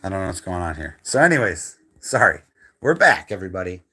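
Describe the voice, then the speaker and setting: A man's voice: low voice, sing-song, a little fast, bright, forceful tone, husky. Chatty co-host man, casual rambling room-tour delivery, phone-filmed live stream at home. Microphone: handheld phone camera.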